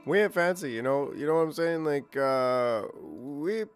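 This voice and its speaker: A man's voice: a little high, lively intonation, measured pace, clean tone, faint music behind. A man hosting a casual chat show, rambling and slangy as he reacts to a clip. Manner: laid-back, rambling, slangy. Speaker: host.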